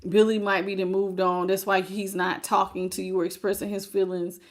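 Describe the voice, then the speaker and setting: A woman's voice: medium pitch, level tone, brisk. A woman hosting a live tarot reading. She talks frankly and folksily, greets viewers by name and calls them baby. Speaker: tarot reader.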